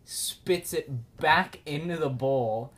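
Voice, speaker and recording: A woman's voice: deep voice, takes it slowly. A woman from the Midwest co-hosting a podcast, telling a story in casual chat and acting out the people in it. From American Midwest. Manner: animated storyteller, acts out quotes.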